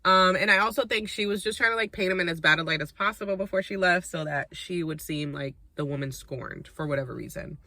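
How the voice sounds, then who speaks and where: A woman's voice: fairly low pitch, fast, hardly any pauses, sharp tone, dry recording. A young adult woman recapping a reality dating show in a chatty, sassy, opinionated way. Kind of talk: casual recap and commentary.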